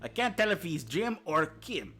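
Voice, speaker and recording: A man's voice: high-pitched, big pitch swings, normal speed, sharp tone, slightly rough. A man streaming a dating sim, reading the story aloud with playful, jokey asides.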